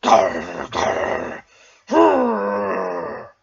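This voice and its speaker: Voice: medium pitch, huge pitch swings, extremely slow, creaky, highs cut off, a crowd in the background, voice pushed up, full character voice. A narrator voicing a boastful, bad-tempered male diesel engine that growls and huffs. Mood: growling. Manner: growling and huffy.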